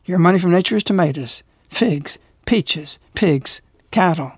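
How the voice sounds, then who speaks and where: A man's voice: high-pitched, animated, a little slow, slightly rough, no room sound, studio quality. A middle-aged man hosting a religious radio talk show, speaking emphatically and repeating himself as he preaches.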